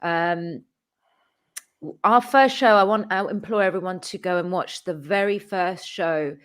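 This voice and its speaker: A woman's voice: on the low side, a little slow. A woman hosting a casual chat, thanking her guest and viewers with feeling and frequent ums and restarts. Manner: emotional, warm thanks with many ums and restarts; tearful, calls herself a crybaby. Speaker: host.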